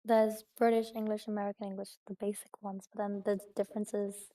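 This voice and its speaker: A woman chatting casually as a stream guest, easygoing and agreeable. Her voice is mellow and dark-toned, and her pitch stays fairly flat. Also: fairly quick. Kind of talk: casual chat.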